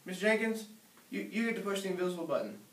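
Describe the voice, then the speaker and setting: A man's voice: sits high, fast, voice pushed up, natural voice. A man voicing an eager young boy inventor who proudly shows off his secret rooms, reading a storybook aloud. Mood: excited. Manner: excited, announcing. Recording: echoey room, distant mic.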